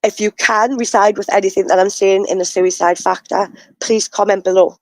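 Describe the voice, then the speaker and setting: An earnest woman hosting a live show. Her delivery stays level and even, with little rise or fall. The sound is close and dry, with no room around it. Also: mid-range voice, normal speed, no room sound, rough recording. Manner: earnest, repeats warnings. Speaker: host.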